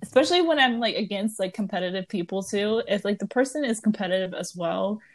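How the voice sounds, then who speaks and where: A woman's voice: mid-range voice, quick pace. Chatty young woman podcaster. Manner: animated, laughs often, many fillers and restarts. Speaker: podcast co-host. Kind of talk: casual chat.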